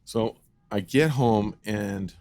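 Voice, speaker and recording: A man co-hosting a podcast, telling a childhood story in an animated, casual way and acting out the voices. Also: on the low side, slow, no echo. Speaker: podcast co-host.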